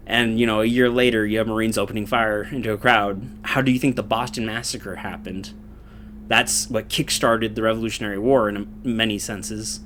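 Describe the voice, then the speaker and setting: A man's voice: on the low side, steady tone, moderate pace, a bit bright, a little hiss or hum. A young man in a casual, profane political rant, rambling with lots of fillers and laughing between points. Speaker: commentator.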